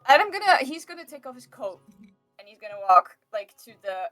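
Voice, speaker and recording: Bright-voiced young woman rambling as a player. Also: high voice, very animated, a little fast, faint music behind. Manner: rambling, hesitant, many fillers. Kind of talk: tabletop role-play chat.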